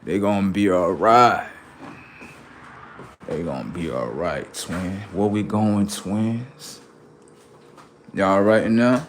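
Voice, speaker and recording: A man with a lowish voice rambles through a casual livestream. He drifts into quiet, murmured asides to his viewers and keeps a loose, slangy flow. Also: slow, pauses often, noisy background. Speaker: livestream host.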